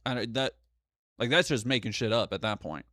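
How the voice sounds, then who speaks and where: A man's voice: mid-range voice, moderate pace, fairly bright tone, dry recording, clean studio sound. A young man hosting a live stream, chatting casually and reading donations, rambling with frequent restarts and swearing. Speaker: streamer host.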